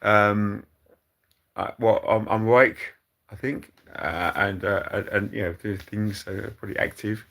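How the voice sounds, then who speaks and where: Hosting a laid-back livestream, a British man works through viewers' comments haltingly, restarting often and filling pauses. His voice is lowish and creaky, and he tosses in deadpan remarks.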